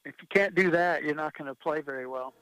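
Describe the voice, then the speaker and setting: A man's voice: a little high, fast talker, clear, resonant tone, poor audio. A man, a golf pro guest, casually telling funny stories from his touring days with lots of laughs. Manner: animated, laughing storyteller. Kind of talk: casual storytelling.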